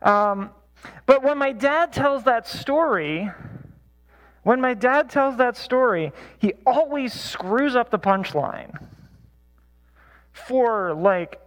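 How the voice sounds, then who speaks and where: A man's voice: very high voice, lively intonation, slow pace, pauses often, fairly bright tone, soft background music. A man leading a church Bible study, talking casually with many fillers and self-corrections. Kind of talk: casual teaching talk with anecdotes.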